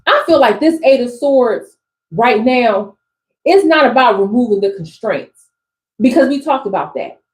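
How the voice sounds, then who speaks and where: A woman's voice: on the high side, animated, unhurried, rough recording. A woman with an East Coast accent, reading tarot cards live in an emphatic, slangy way that repeats phrases. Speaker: spiritual coach reading tarot for a live audience.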